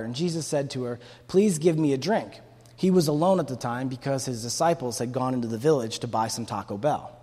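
A man's voice: mid-range voice, dark tone. Man preaching in a reverberant hall. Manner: conversational preaching, acts out quotes with rising energy. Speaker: pastor. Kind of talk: sermon.

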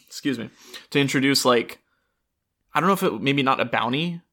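Bright-toned man thinking aloud casually. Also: medium pitch, moderate pace. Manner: relaxed, thinking aloud, loose phrasing. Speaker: podcast co-host. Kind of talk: casual chat about video games.

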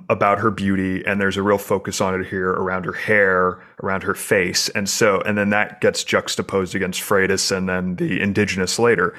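A man with a fairly low voice talks through a novel on a podcast. He is earnest and thoughtful, and he circles back and restarts his phrases as he builds an idea. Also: a bit bright. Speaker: podcast co-host. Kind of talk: casual literary discussion.

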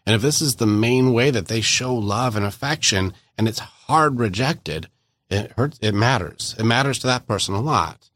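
A man's voice: medium pitch, expressive, normal speed, fairly bright tone, dry recording. A man hosting a podcast interview, talking casually and animatedly, acting out little quoted exchanges in playful voices. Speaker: podcast host.

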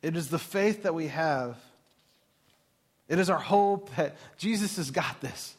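A man in his thirties giving a faith talk to mothers, telling rambling personal stories and laughing at himself. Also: fairly high pitch. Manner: warm, rambling storyteller who laughs at himself. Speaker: speaker at a Christian mothers' gathering.

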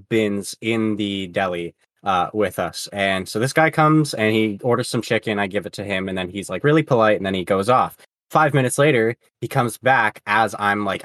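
A man's voice: fairly low pitch, a bit bright, dry recording. A young man in casual podcast chat, telling a work story with lots of fillers and swearing. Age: young adult. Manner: rambling, profane, lots of fillers. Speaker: podcast co-host.

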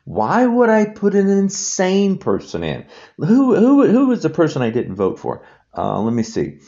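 Slow, emphatic male podcast host. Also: sits high, wildly swooping pitch, gravelly, warm tone, muffled recording. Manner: emphatic, repetitive, indignant. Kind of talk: solo podcast rant.

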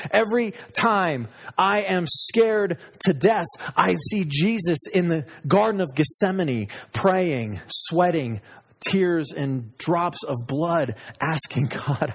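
A man preaching a sermon, moving between loud, high exclamations and low, hushed asides. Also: very animated, unhurried, husky. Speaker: pastor.

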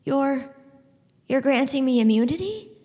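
A frightened mother pleads in a raised, quivering voice, as a woman reading aloud puts her on. The pitch climbs well above the narration. A long reverb hangs behind her. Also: expressive, a little slow, mellow. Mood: anxious. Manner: high, trembling, urgent.

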